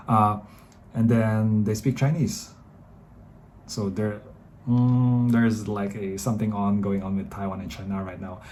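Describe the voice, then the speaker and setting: A man's voice: fairly low pitch, mellow, a little hiss or hum. A man in his thirties with a Filipino English accent, chatting rambly dating advice straight to viewers. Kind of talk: casual advice talk to camera.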